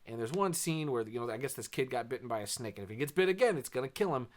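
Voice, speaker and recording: A man's voice: medium pitch, expressive, quick pace. A man hosting a casual movie review, rambling and sarcastic, full of fillers, sighs and laughs.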